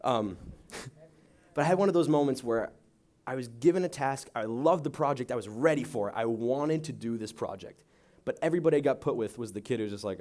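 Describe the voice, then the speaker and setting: At a church youth service, a young man serving as youth pastor talks a little fast in a medium-pitched voice, animatedly performing the voices in a joke story before praying and reading.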